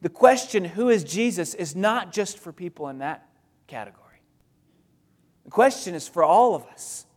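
Conversational pastor in a reverberant hall. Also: male voice, high-pitched, animated, normal speed, a little mellow. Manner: conversational, repeats phrases for emphasis. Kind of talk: expository sermon. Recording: long reverb of a large hall.

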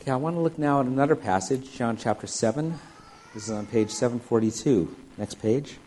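A man's voice: medium pitch, brisk, warm tone, a little hiss or hum, low-quality recording. A man preaching a sermon, reading scripture aloud and explaining it verse by verse. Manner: expository, reads scripture aloud then explains it. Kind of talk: sermon, Bible teaching.

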